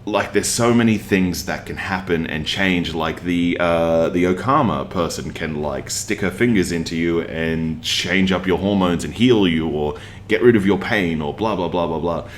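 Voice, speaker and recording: Deep-voiced man rambling through a review. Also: moderate pace, slight background noise. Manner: earnest, rambling with many fillers; emotionally invested. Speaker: manga reviewer. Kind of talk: casual chat.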